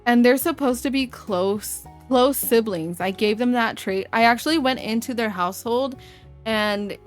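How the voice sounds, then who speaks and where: A young woman chatting excitedly through a live game stream, gasping and reacting as things happen. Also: fairly high pitch, unhurried, faint music behind. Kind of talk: live let's-play commentary.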